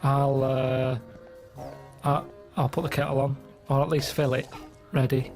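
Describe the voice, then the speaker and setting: A man chatting on a radio show, telling everyday stories in a flat, deadpan way. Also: mid-range voice, measured pace, music in the background. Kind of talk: casual chat. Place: radio studio.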